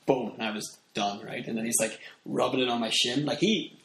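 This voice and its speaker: A Northern Irish man from Ireland chats casually as a podcast guest, rambling with plenty of fillers and restarts. His voice is medium-pitched, brisk, and fairly bright, recorded with a roomy echo and faint background noise.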